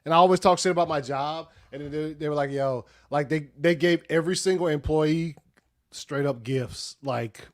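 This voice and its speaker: Young male co-host, slightly high voice, easygoing slang, laughs a lot. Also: normal speed. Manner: laid-back slang and frequent laughter. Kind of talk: casual livestream chat.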